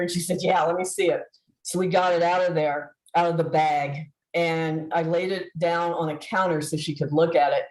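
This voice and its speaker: A woman giving a heartfelt tribute over a video call, halting with fillers and restarts. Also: fairly low pitch, steady tone, darkish tone, echoey room, poor audio. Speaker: convention presenter.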